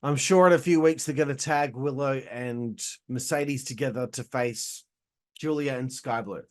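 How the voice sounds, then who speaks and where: A man's voice: medium pitch, moderate pace. A young man hosting a casual show, giving a blunt, exasperated review and swearing freely. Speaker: host reviewing wrestling shows.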